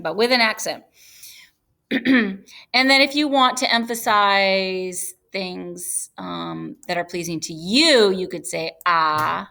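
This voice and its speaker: Female teacher, unhurried, patient and explanatory, recorded on a computer mic for a lesson. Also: mid-range voice, fairly bright tone. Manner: patient, explanatory, with fillers and self-corrections. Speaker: Spanish teacher. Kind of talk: screen-share grammar lesson.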